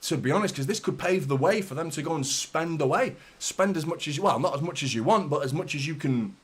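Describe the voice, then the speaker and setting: A man's voice: on the high side, lively intonation, a little fast, slightly rough. A man, hosting his football fan channel in a rambling, chatty way. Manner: chatty, rambling, repeats "do you know what I mean". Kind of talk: casual vlog chat.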